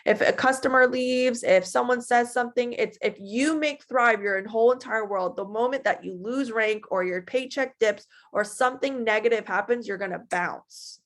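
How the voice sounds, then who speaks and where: A woman in her twenties giving a casual, animated motivational talk to her team, chatty and full of feeling. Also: a little high, normal speed, hardly any pauses. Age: 20s. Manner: animated and chatty, acting out her own past voice.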